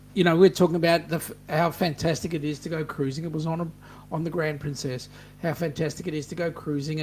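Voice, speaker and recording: A middle-aged man with an Australian accent hosts a casual live chat, rambling warmly through stories and reading out viewer comments with many ums and restarts. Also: fairly high pitch, a little hiss or hum. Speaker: host of a cruising livestream.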